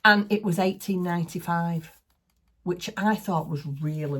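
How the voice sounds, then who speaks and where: A middle-aged woman hosting a crafting channel, chatting excitedly to the camera at home and laughing often. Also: low-pitched, measured pace, slightly rough. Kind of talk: casual chat to camera. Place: small home craft room.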